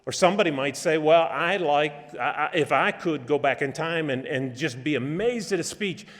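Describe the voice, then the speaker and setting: A middle-aged man preaching a sermon in a church, folksy and halting, with many restarts and fillers. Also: fairly high pitch, a bit bright. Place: church hall. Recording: reverberant church hall.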